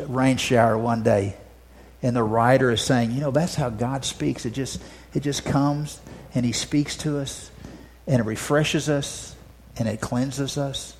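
Here a male pastor preaches in a mid-range voice, shifting from loud emphasis to hushed asides and restarting phrases with repeated words. A faint hiss or hum is audible.

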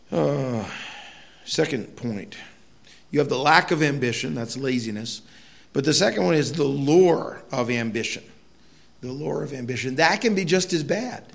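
A man's voice: mid-range voice, gravelly. A middle-aged man preaching a sermon in a conversational way, telling folksy stories with asides to the congregation. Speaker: pastor.

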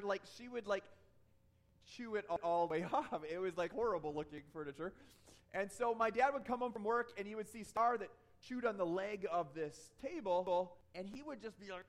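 A man with a fairly high voice delivers a sermon. He keeps it conversational, telling stories from his own life and often stopping to ask "okay?". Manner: conversational, checks in with frequent "okay?"; tells personal stories to explain points. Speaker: pastor.

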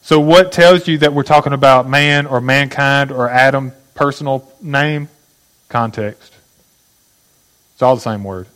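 A man's voice: medium pitch, a little slow, fairly bright tone, rough recording. A man preaching a teaching sermon. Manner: teaching, asks the audience questions. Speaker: pastor.

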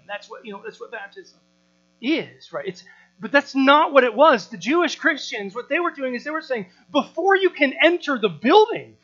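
A pastor in his thirties delivers a sermon with a bright, forceful voice, animated and full of rhetorical questions and repeated words. The recording is dull and lo-fi, with a mains hum underneath. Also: very high voice.

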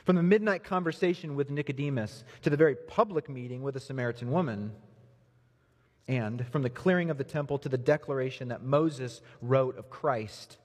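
Male pastor, sermon, husky voice, earnest, soft lows and lifted emphasis, long church reverb. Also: moderate pace. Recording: reverberant hall.

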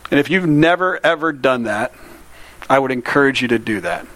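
A man's voice: medium pitch, expressive, normal speed, fairly bright tone, no room sound. A man preaching a sermon to a congregation in plain, earnest words, posing direct questions to his listeners. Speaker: pastor. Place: room before a congregation.

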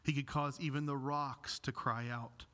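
A male pastor preaching a sermon with animated storytelling and self-deprecating humor. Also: medium pitch, normal speed.

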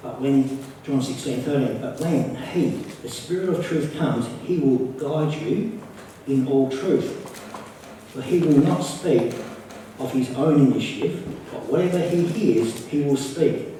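A man's voice: mid-range voice, a little slow, warm tone, slight background noise. Echoey Australian man preaching from afar. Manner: earnest, repeats key phrases for emphasis. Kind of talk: sermon. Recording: echoey, from far off the mic.

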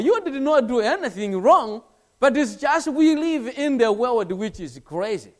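Male preacher, very high voice, slow, lively delivery. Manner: earnest, repetitive preaching with anecdotes. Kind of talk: sermon.

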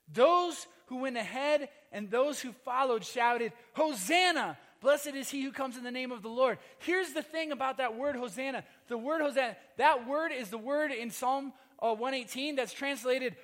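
High-voiced pastor preaching in a hall. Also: male voice. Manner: swings from loud emphatic to hushed, sings briefly. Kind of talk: sermon. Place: church.

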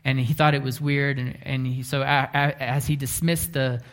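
A man preaching a sermon, telling a story earnestly, slowing down and dropping to a hush for emphasis. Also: medium pitch, steady tone. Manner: earnest, often slows down and drops to a hush for emphasis. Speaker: pastor.

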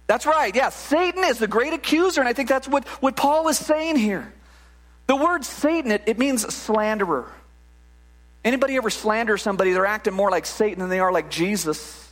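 High-voiced, animated male preacher. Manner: animated and conversational, with frequent restarts and "right?" asides. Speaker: pastor. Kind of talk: sermon.

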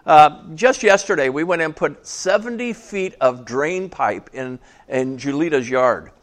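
A man's voice: a little high, lively intonation, measured pace. A man preaching a casual sermon to a small church, chatty and joking, asking the congregation questions. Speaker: pastor.

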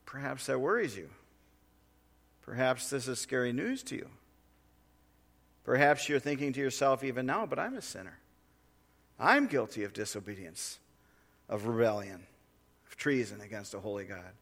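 A man's voice: medium pitch, expressive. Man preaching a solemn sermon. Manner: measured reading that swells into forceful warnings. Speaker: pastor. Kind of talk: sermon with scripture reading.

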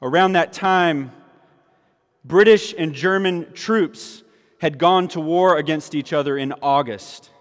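A man's voice: on the high side, slow. A male pastor giving a sermon, emphatic and repeating key phrases for weight. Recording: long hall reverb.

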